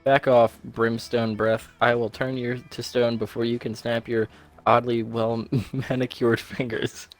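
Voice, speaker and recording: A man's voice: mid-range voice, little pitch movement, unhurried, faint music behind, close to an everyday voice. A man voicing a haughty, threatening young gorgon woman from a game.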